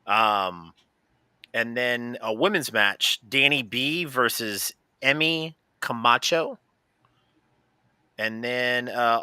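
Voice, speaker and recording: A man talks loosely on a live-streamed wrestling show, circling back with plenty of fillers and restarts. His voice is bright and sharp-edged. The sound is dry and close, with no room around it. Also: medium pitch, clean tone, no echo. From American Midwest. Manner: rambling, many fillers and restarts. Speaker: podcast co-host. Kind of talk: casual live-stream chat.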